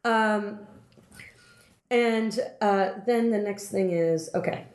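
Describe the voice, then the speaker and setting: A woman hosting a podcast recaps a film in casual conversation, speaking slowly at a medium pitch. She rambles, using lots of fillers and frequently starting over. The room sounds spacious and echoey.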